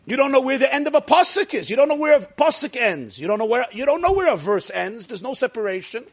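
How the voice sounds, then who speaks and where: High-voiced man lecturing a class. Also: sing-song, fast talker. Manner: asks the class questions and answers them himself, jokes with them. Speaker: rabbi teaching a class.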